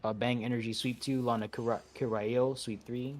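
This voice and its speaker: A man at mid pitch, calmly organizing an online game raid over voice chat. He talks loosely and haltingly, stopping to restart sentences and filling gaps with "uh". He sounds like he is on a headset mic at home. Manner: relaxed, halting, many fillers and restarts. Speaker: raid leader.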